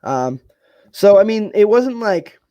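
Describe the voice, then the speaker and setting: A man's voice: high voice, very animated, slow, dark tone, no echo. A young man co-hosting a casual podcast, chatting loosely about fights in a rambling, offhand way and swearing now and then. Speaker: podcast co-host. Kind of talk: casual fight-talk chat.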